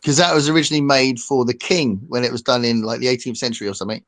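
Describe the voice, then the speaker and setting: A man's voice: medium pitch, fairly even intonation, very fast, fairly bright tone. Chatty British man hosting a livestream. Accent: British English. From Britain. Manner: chatty, rambling, often trails off with tag questions. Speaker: livestream host. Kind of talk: casual chat.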